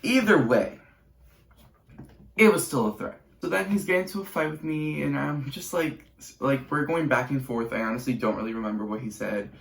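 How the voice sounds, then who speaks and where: A man's voice: medium pitch, expressive, moderate pace, vocal fry. A teenage boy YouTuber telling a casual storytime vlog with chatty, sarcastic asides and rambling restarts. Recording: roomy echo.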